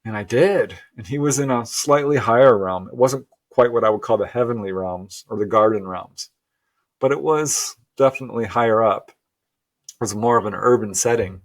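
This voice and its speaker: A middle-aged man as a guest, telling a personal story earnestly and with animated laughs. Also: fairly low pitch, normal speed. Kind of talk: storytelling interview.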